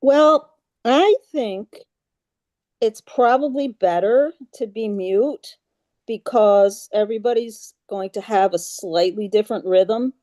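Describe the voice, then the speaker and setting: A woman leading a group meditation over a video call, patient and halting, with many fillers, chanting mantras in a steady monotone. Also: mid-range voice, dry recording. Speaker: yoga class leader.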